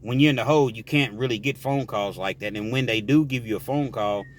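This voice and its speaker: Male storyteller, casual and animated, mid-pitched, faint noise in the background. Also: fairly quick. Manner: animated, explaining, talks straight to the listener. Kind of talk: casual storytelling about prison life.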